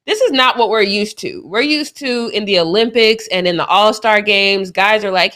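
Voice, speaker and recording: A young woman co-hosting a sports talk show, animated and incredulous, laughing easily as she reacts to clips. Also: mid-range voice, a little fast, few pauses. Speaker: show co-host. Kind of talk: sports commentary chat.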